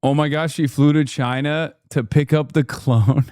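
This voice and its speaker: A man's voice: fairly high pitch, steady tone, measured pace, a little mellow, clean tone, dry recording. Sarcastic male streamer, dry sound. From United States. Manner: sarcastic, joking. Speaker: streamer and political commentator. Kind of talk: casual livestream commentary.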